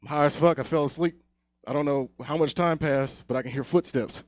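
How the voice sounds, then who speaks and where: A young man doing a stand-up set on a comedy club stage, telling a long story, often dropping to a hush, then getting loud again. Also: a little high, brisk, dry recording, clean studio sound. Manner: loose storytelling, swings loud and quiet.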